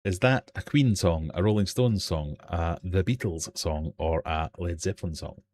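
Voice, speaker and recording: Speaking from his fish room, a British-accented man hosts a live-stream quiz, reading out questions and joking with the chat. His voice sits low and darkish, at a moderate pace.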